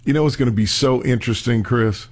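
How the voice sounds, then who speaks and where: A man hosting a radio show, bantering and joking and laughing easily with callers. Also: medium pitch. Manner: joking, animated, quick to laugh.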